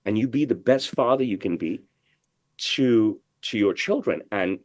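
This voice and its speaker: A man's voice: lowish voice, expressive, a little slow, no echo. Middle-aged guy talking big in an interview, swears a lot, says bro constantly, dry close sound. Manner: brash, profane, emphatic, repeats "bro" and "you know what I mean". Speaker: guest, tailor. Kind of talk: casual interview talk.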